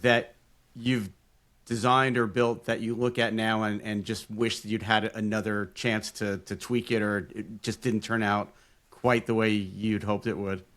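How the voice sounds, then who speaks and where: Male co-host, low flat voice, measured questions. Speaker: podcast co-host. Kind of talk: casual podcast interview.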